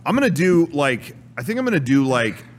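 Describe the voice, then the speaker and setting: Animated man chatting about games. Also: fairly high pitch, fairly quick, a little hiss or hum. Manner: animated, acts out gameplay with loud exclamations. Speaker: podcast co-host. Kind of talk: casual chat about video games.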